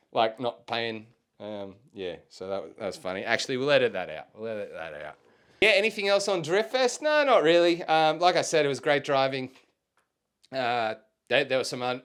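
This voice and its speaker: A man's voice: medium pitch, fairly bright tone, clean tone. A young man with an Australian accent hosting a casual solo podcast, laid-back and slangy, dropping swear words and plenty of ums. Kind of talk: casual rambling chat.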